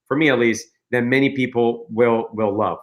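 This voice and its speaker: A man, a company co-founder, telling stories as a guest on an interview show, animated and enthusiastic. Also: mid-range voice, moderate pace. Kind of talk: casual interview chat.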